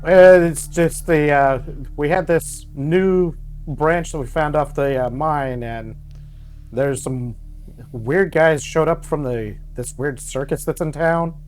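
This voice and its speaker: A man playing a tabletop role-playing game, speaking in a halting way with many pauses. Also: a little high, darkish tone. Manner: hesitant, halting with many uhs. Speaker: player. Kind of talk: tabletop role-play, in character. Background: background music.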